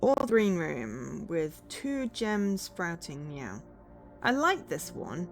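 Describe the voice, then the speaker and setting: A woman streaming a puzzle game, tacking a meow onto nearly every phrase as a dare while she thinks aloud with many pauses, sounding tired late at night. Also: lowish voice, big pitch swings, gravelly, soft background music. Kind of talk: casual charity stream commentary.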